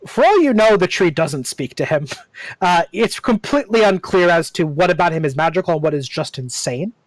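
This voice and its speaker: A game master narrating a tabletop game, slow and hesitant, with frequent pauses. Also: mid-range voice, expressive, no room sound, low-quality recording.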